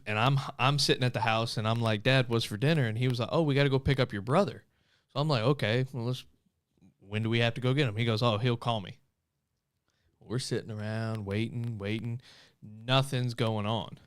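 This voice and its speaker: A man's voice: on the low side, clear, resonant tone. A young man co-hosting a casual podcast chat, telling a rambling story with many restarts. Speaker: podcast co-host.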